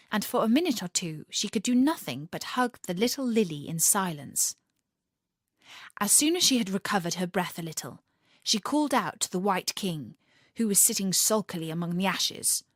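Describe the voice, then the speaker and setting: Woman reading a kids' story, lively up-and-down voice, fairly high, dry close sound. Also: no room sound. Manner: expressive, animated reading.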